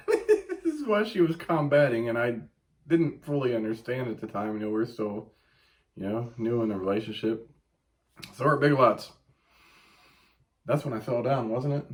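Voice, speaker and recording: This man co-hosts a podcast, spinning stories in a relaxed chat and swearing freely as an animated storyteller. He speaks in a mid-range voice, unhurried, and pauses often.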